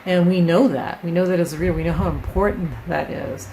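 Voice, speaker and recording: A woman's voice: on the low side, a little fast, dark tone, slight background noise, rough recording. A woman hosting her own channel, explaining writing craft in a casual, conversational teaching style, often checking in with "right?" as she works through an example. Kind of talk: casual instructional talk to camera.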